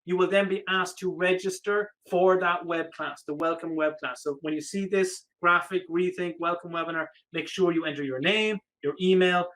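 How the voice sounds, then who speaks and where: A man giving an energetic, persuasive sales pitch on a live webinar, repeating the offer, his voice slightly hoarse. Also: normal speed, hardly any pauses, rough recording. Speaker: online business coach.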